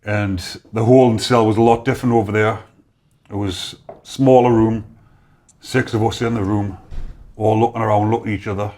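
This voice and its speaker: A man's voice: lowish voice, little pitch movement, moderate pace, mellow. A man with a North East English accent, a podcast guest telling stories in casual chat and acting out quoted voices. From North East England. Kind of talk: casual storytelling.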